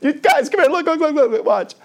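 A man's voice: lively intonation, fairly quick, gravelly, exaggerated voice. A man voicing a gleeful, mocking male devil who cackles and taunts. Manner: cackling, taunting, high-pitched laughter.

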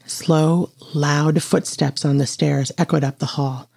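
A man narrating a second-person horror story in a hushed, tense way. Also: a little high, level tone, takes it slowly, creaky.

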